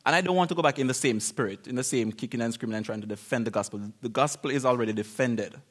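A man giving an informal sermon in a conversational, animated way, acting out little quoted exchanges and laughing often. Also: medium pitch, fast talker. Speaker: preacher.

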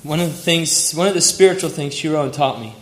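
A man's voice: fairly high pitch, fast. Man giving a fond memorial tribute. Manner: heartfelt, chuckling through fond stories. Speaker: family friend giving a tribute. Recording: roomy hall with faint ambience.

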